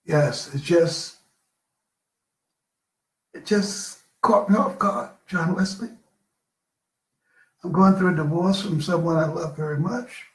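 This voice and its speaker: Older guy giving a motivational speech, high voice, slow and dramatic, echoey room. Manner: storytelling, slow with dramatic pauses. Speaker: motivational speaker.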